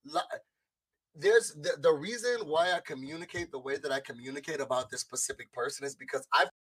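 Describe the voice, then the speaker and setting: A man on a livestream who speaks defensively and haltingly, repeating himself as he talks into a cheap boom mic. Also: fairly bright tone, a little hiss or hum. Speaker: rival streamer on camera. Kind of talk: heated livestream argument. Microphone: cheap boom mic on a swing arm.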